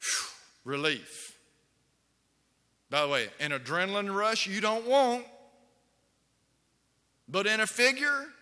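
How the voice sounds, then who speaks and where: Sitting high and sounding expressive and sharp, this pastor's voice moves slowly, with long pauses. He preaches through stories and questions for his congregation, and a long hall reverb fills the recording.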